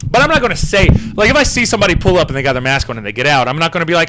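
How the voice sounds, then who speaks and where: A podcast host rants in a loose, comedic way, full of sarcasm and swearing. His voice sits a little high and has a very bright, forward ring. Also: lively intonation, very fast, hardly any pauses. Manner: sarcastic, profane. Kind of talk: casual comedic rant.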